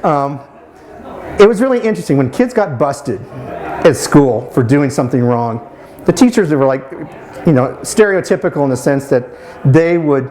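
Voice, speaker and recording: A man's voice: fairly high pitch, animated, darkish tone. A man in his fifties answering interview questions as a former student, talking fondly with many restarts and fillers. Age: 50s. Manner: halting, with many restarts and "you know" fillers; fond, admiring. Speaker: alumnus interviewee.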